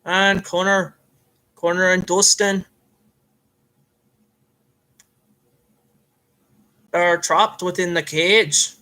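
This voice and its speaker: A man's voice: sits high, little pitch movement, slow, pushed and bright, clean tone, full character voice, rough recording. A man voicing a self-styled Irish fight commentator with a put-on, slightly off Irish accent, in comic play-by-play that is hammy and full of rambling fillers. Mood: excitable. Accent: put-on Irish, admittedly a bit off.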